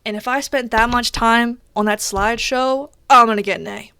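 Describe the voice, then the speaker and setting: A young woman streamer chatting casually while gaming, telling a story in an animated way and swearing often. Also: on the high side, normal speed, clear, resonant tone, no room sound.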